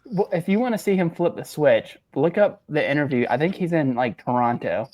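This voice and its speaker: A man's voice: on the high side, dry recording. Male podcast co-host, chatty storyteller, dry close sound. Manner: animated storyteller, quick laughs, acts out quotes. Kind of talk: casual chat.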